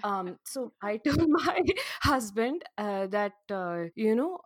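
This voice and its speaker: A young woman podcast host candidly telling a personal story in casual conversation, with lots of fillers and animated retelling. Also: fairly high pitch, takes it slowly, no room sound, studio quality.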